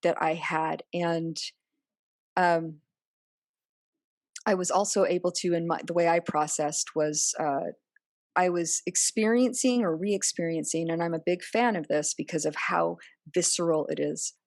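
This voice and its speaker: A woman's voice: lowish voice, steady tone, measured pace, darkish tone, dry recording, clean studio sound. A woman speaking earnestly as a podcast guest, often acting out remembered dialogue in other voices. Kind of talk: personal interview conversation.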